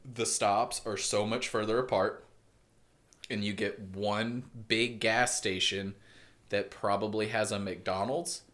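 Low-voiced laid-back man. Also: fairly even intonation, takes it slowly, fairly bright tone. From United States. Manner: laid-back storytelling, swearing, laughing often. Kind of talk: casual chat.

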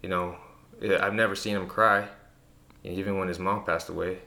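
A man with a low, gravelly voice that still has a bright edge tells personal stories in an easygoing, casual way. He keeps the talk loose and conversational, full of fillers and small restarts. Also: moderate pace. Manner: relaxed storytelling with many fillers. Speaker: guest.

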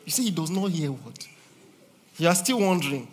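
A man preaching a sermon as a pastor, animated and teasing, swinging between loud and soft. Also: on the high side, brisk.

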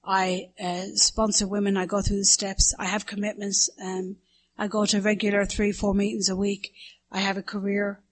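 A middle-aged Irish woman speaks candidly to a recovery meeting and laughs at herself as she tells her story. She slips into other people's voices as she tells it, and her voice sits at an ordinary pitch for a woman. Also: monotone, moderate pace. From Ireland. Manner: candid and self-mocking, acts out others' voices. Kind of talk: personal story told to a meeting.

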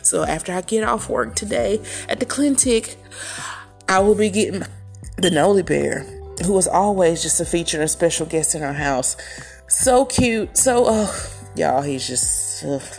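A middle-aged woman hosting a casual solo podcast from her home, chatty and animated, with playful asides. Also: lowish voice, moderate pace, soft background music. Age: middle-aged or older. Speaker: podcast host. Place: at home in a chair.

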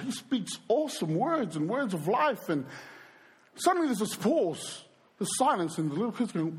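A male preacher telling stories during a sermon, animated and speaking straight to the crowd. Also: sits high, moderate pace, breathy edge. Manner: animated storyteller who acts out quoted voices and addresses the crowd. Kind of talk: storytelling sermon.

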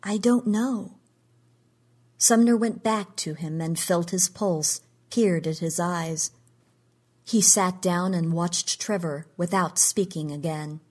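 A woman narrating a story in a measured, even reading. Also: on the low side.

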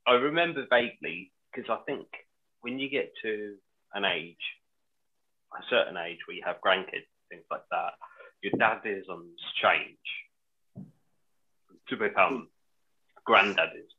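A man telling lively stories in a casual podcast chat. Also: fairly low pitch, a little slow, pauses often, slightly rough, phone-quality sound. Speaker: podcast co-host.

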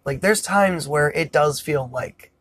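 A woman's voice: sits low, a little slow, slight background noise. A woman co-hosting a podcast, chatting about a film with enthusiasm and casual swearing. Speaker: podcast co-host. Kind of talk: casual movie recap chat.

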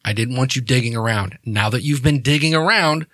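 A man plays a guarded woman keeping secrets in a tabletop game, defensive and evasive, swearing when cornered. Her delivery sits at a middling pitch in a dry, close setting with no room around it. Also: a little fast, fairly bright tone, no room sound, natural voice. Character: guarded secretive woman, older-sister figure.

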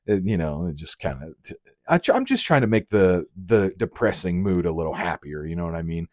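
A young man hosting a casual solo podcast, rambling and swearing often, acting out lines in quick voices. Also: sits low, a little mellow, no room sound. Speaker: podcast host.

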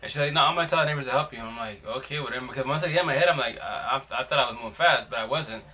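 Male live-stream host, bright tense tone, slangy rambling storyteller. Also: medium pitch, rapid-fire. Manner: rambling, slangy, frequent restarts. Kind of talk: casual storytelling chat.

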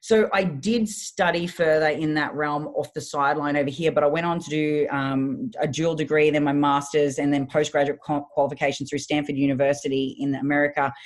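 A woman in her thirties, a fitness coach and guest, telling her story in a casual interview in a blunt, profane, animated way. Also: sits low, a little fast, hardly any pauses.

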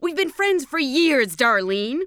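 A woman playing a fussy, anxious sitcom wife in a deadpan comedy parody, repeating herself insistently. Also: high voice, a little slow, dry recording, studio quality, full character voice. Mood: worried. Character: anxious, bossy middle-aged sitcom wife.

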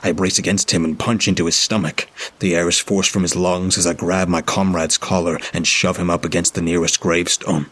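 A man narrating a horror story in a grim, steady first-person reading. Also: low voice, brisk, hardly any pauses, husky.

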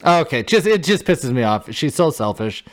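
A man co-hosting a casual podcast about recasting a film, talking in an animated, jokey way and swearing freely. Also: mid-range voice, normal speed. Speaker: podcast co-host. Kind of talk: casual movie-recast chat.

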